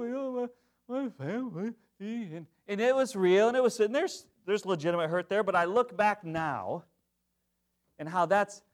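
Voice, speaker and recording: A young adult man preaching a sermon, emphatic, often checking in with the congregation. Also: high voice. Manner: emphatic, call-and-response asides to the congregation. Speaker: pastor.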